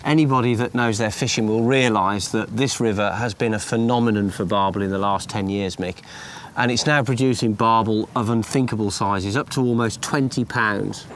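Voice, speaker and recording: A man's voice: fairly low pitch, moderate pace, few pauses, fairly bright tone, a little hiss or hum. A man presenting a fishing show outdoors, matey and encouraging. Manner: matey, encouraging, calls everyone mate. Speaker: angler presenter. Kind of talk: casual chat and presenting to camera. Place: outdoors by water.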